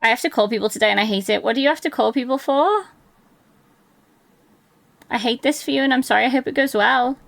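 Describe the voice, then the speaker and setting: A woman streams live and talks casually with her viewers. She answers their messages aloud and swears freely along the way. Her voice sits a little high, with a gravelly fry running through it. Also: quick pace, pauses often. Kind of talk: casual livestream chat with viewers.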